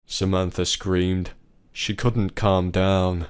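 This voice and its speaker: A man narrating a family drama story in an even, plain storytelling manner. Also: low voice, takes it slowly, smooth. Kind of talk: scripted narration.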